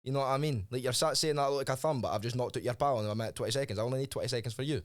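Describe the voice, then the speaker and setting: A man's voice: medium pitch, racing. A man with a Scottish accent, a fighter guest in casual podcast chat, brash and jokey. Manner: brash, jokey trash talk. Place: podcast studio.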